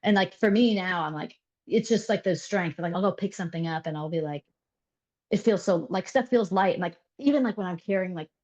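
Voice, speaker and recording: A woman in her thirties telling stories in a casual interview, animated and laughing, full of fillers. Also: fairly low pitch, a little fast, muffled recording. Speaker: interview guest. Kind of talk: casual chat.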